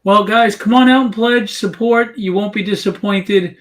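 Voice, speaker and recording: Higher-pitched male host in an echoey room. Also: moderate pace. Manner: chatty, promotional. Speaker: livestream host. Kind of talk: casual livestream interview.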